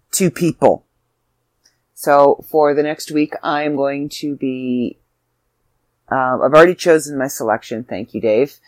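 A woman's voice: rumbling low, dry recording. A woman, hosting her own podcast as an author, chatty and self-deprecating, sounding tired. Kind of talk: casual solo podcast chat.

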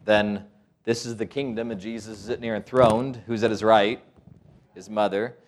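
Man preaching a lively sermon. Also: on the low side, normal speed, slight background noise. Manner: storytelling, with quoted voices and asides. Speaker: priest.

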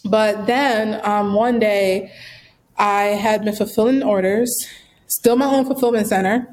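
A woman's voice: medium pitch, a little slow, low-quality recording. A young woman, a business founder, telling stories casually in an interview with lots of fillers. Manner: animated, chatty storyteller with lots of fillers. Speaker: guest, bag brand founder.

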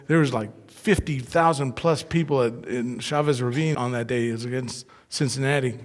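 A man preaching a sermon, telling personal stories with lively acted-out voices. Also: medium pitch, moderate pace, few pauses, long reverb tail. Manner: animated storyteller who acts out voices. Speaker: pastor.

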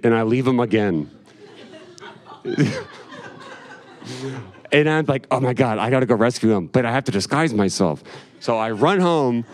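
A male stand-up comedian on a club stage, cursing freely through a rambling, self-mocking story. He is in a middling register and chuckles at his own lines. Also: medium pitch.

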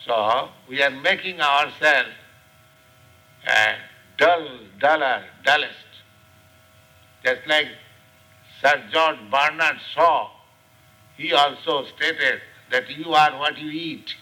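An older man with an Indian accent giving a scripture class lecture, speaking slowly and deliberately with many pauses and fillers. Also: fairly high pitch, sharp tone, low-quality recording. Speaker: spiritual teacher. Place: class room.

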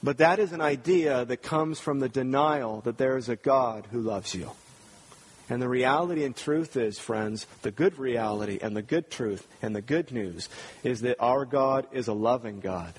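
A man's voice: mid-range voice, normal speed, a little hiss or hum. A man preaching a sermon, earnest and talking to the congregation with rhetorical questions. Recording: long reverb of a large hall.

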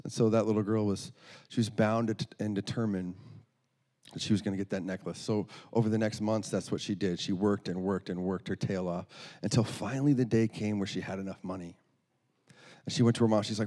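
A man's voice: fairly low pitch, steady tone, a little fast, mellow. A man preaching through a story, earnest, often restarting and repeating words. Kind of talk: storytelling sermon.

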